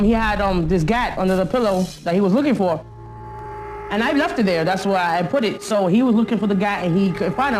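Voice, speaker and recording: A middle-aged woman recounting her past in a documentary interview, blunt and full of street slang. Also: medium pitch. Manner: blunt street slang, frequent "you know what I'm saying".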